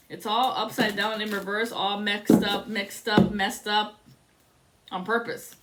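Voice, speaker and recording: A woman doing a casual tarot reading, telling a story in a rambling, excitable way and swearing often. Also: medium pitch, measured pace, heavy background noise. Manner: rambling and profane. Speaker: tarot reader.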